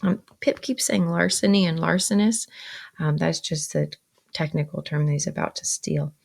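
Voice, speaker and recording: A woman's voice: low-pitched, moderate pace, gravelly, a little mellow. A woman teacher reading a novel aloud and stopping to explain vocabulary, with frequent ums.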